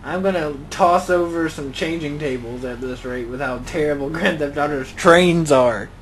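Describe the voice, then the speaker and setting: A man's voice: a little high, normal speed, rough recording. A young man giving casual gameplay commentary as a channel host, rambling and joking and muttering exclamations to himself.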